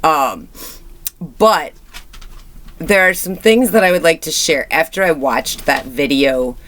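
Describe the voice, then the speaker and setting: Thirties woman vlogging, chatty and halting, full of ums and restarts, reflective. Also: low voice, fairly bright tone, a little hiss or hum. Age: 30s. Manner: candid and reflective. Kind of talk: rambling personal vlog.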